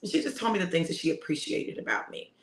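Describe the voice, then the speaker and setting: This middle-aged preacher speaks quickly and animatedly in a fairly low voice, recounting a family story with warmth and plenty of laughter. It's a casual motivational talk, and the room gives a noticeable echo.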